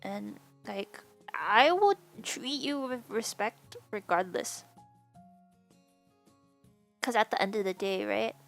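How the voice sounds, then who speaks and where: A young woman with a lisp and some vocal fry from a sore throat, chatting casually to her stream, rambling with lots of fillers and sudden laughing squeals. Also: mid-range voice, lively intonation, slow pace, long pauses, soft background music. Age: young adult. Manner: rambling, many fillers and restarts. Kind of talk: casual chat to a live stream.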